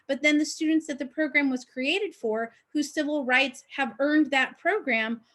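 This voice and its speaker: A woman educator with a fairly high voice speaks on a video call panel. She is reflective and anecdotal, with frequent ums and pauses. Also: fairly bright tone. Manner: reflective, anecdotal, many fillers. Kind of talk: panel discussion.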